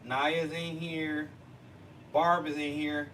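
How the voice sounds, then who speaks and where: A man hosting a casual livestream chat, chatty and excitable, laughing and teasing as he talks. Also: fairly high pitch, slow pace. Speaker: livestream host. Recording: distant mic with noisy background.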